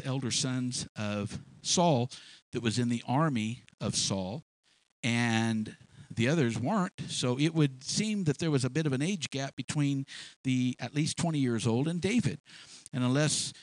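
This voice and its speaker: A male preacher giving a sermon, retelling a story in an animated way with many restarts and repeated words. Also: medium pitch, a little slow, dry recording.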